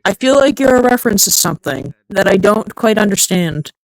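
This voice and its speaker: Excitable rambling game streamer. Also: mid-range voice, brisk, dry recording, poor audio. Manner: excitable, rambling, jokey, talks to chat. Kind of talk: casual live-stream chatter while gaming.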